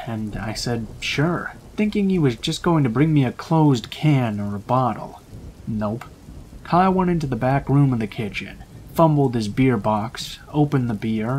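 A man's voice: mid-range voice, darkish tone, a little hiss or hum. Man narrating horror stories over rain. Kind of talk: scripted horror story narration.

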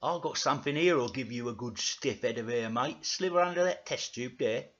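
A man's voice: medium pitch, a little fast, a bit bright, close to an everyday voice. A man voicing a cocky, scheming male cartoon dog with a brash, swearing manner, on a dull lo-fi recording. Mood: cheeky.

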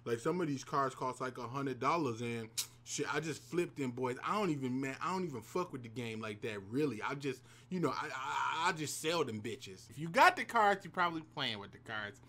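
A man's voice: medium pitch, expressive, normal speed, sharp tone. A man telling a personal story to camera in a casual vlog, slangy and profane, with hype-man asides to the viewers. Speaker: YouTube storyteller.

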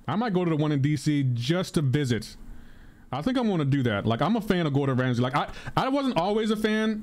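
Rambling streamer man, slightly high voice. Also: darkish tone. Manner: rambling, repeats himself, answers chat aloud. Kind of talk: casual live-stream chat while gaming.

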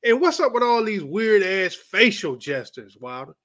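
A man's voice: high voice, big pitch swings, moderate pace, a bit bright. A man hosting a boxing commentary vlog, talking bluntly and profanely in a heated rant.

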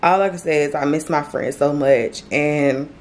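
Low-voiced woman in her late 20s vlogging to camera, grieving and teary, lots of ums and restarts, faint noise behind. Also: fairly even intonation, a little mellow. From Florida, US. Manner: emotional, halting, many fillers and restarts. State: grieving, tearful. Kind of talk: tearful direct-to-camera vlog talk. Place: indoors, on her bed.

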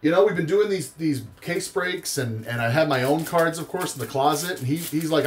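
A man's voice: a little high, lively intonation, normal speed, hardly any pauses. A tired man hosting a live card-break stream, chatting casually and rambling into long personal stories. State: tired after a long day.

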